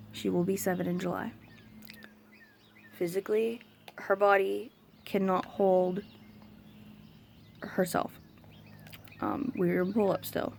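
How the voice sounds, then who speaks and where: A woman's voice: medium pitch, gravelly, darkish tone, a little hiss or hum. A young woman, talking frankly and with exasperation to camera as a parent in a casual vlog. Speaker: vlogger, autism parent.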